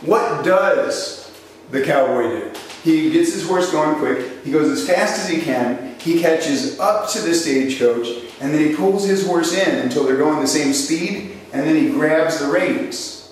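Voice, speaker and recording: Speaking a little slowly in a highish voice, a sales trainer teaches a live seminar full of animated stories, acted-out voices, and questions for the audience. The distant mic captures an echoey hall and slight background noise.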